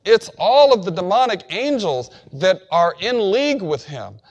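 A man preaching a sermon as pastor, building to emphatic cries and dropping into casual slang and acted-out quotes. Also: high-pitched. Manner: conversational asides and slang.

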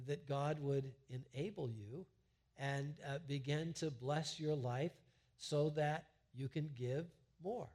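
A middle-aged man preaching a sermon in a church sanctuary, talking in a conversational, animated way with frequent restarts. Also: on the high side, takes it slowly. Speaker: pastor.

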